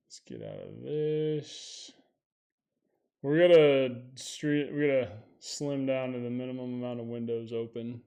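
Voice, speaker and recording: A man hosting a live stream, chatting loosely to himself and his viewers as he sets up, then pitching hard to them. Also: vocal fry, mellow. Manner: loose, profane, talks to himself while setting up; punchy hype pitch to viewers. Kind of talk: casual live stream setup chat.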